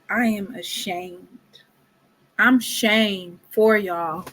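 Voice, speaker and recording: Slow-talking exasperated woman. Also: medium pitch. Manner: exasperated, dramatic gasps and whispered asides. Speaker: commentary vlogger. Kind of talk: casual commentary.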